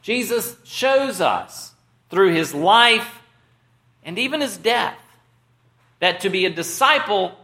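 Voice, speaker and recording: High bright-voiced guy preaching real slow, lots of pauses, echoey room. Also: animated. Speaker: pastor. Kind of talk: sermon.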